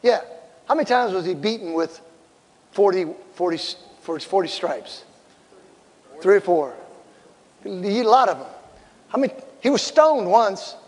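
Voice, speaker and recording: A middle-aged man preaching a sermon as a pastor, animated and acting out the voices in his stories. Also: high-pitched, unhurried, pauses often, big-room sound.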